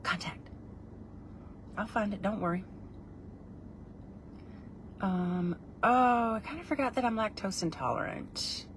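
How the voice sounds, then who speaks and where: A woman's voice: mid-range voice, measured pace, long pauses, a little hiss or hum. A woman chatting casually with her viewers during a livestream, rambling and poking fun at herself. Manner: chatty, rambling and self-deprecating. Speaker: livestream vlogger. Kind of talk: casual live chat with viewers.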